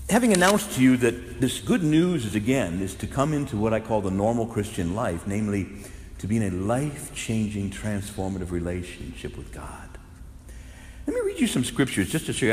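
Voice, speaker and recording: In a large echoing church, a Catholic priest with a fairly low voice preaches an impassioned sermon that rises into loud, fervent exclamations. There's slight background noise along with roomy hall reverb.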